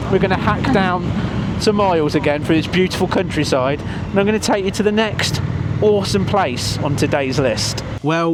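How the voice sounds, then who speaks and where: A man hosting a motorcycle travel vlog, chatting and teasing his passenger. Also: a little high. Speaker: vlog host. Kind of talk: casual travel vlog chat. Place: riding a motorcycle outdoors, then on a beach. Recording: noisy outdoor wind and traffic.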